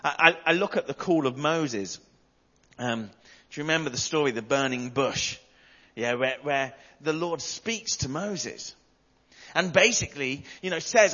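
A preacher with a fairly high, bright and forceful voice. He tells stories emphatically and repeats his lines for effect. His voice rings in a large hall and the sound is a little dull. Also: animated, unhurried. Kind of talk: sermon.

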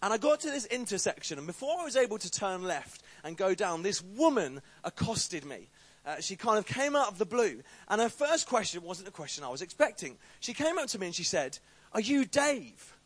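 A young Englishman gives a relaxed, chatty talk to a church group and tells a funny story about himself. His voice sits fairly high, and the sound is dry and close, with little room echo. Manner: chatty, self-deprecating, quick asides.

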